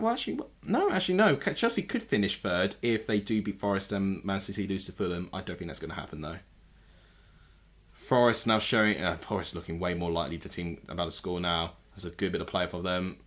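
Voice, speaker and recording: A man streaming a live football watchalong from home, reacting to the match and often correcting himself aloud as he goes. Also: lowish voice. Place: home room with TV.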